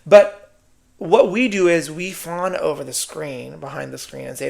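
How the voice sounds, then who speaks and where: Brief: male podcaster, gravelly voice, sassy and foul-mouthed solo talk. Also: fairly high pitch, fairly even intonation, unhurried, darkish tone. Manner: sassy, profane, keeps adding "right?". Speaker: podcast host. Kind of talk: casual solo monologue.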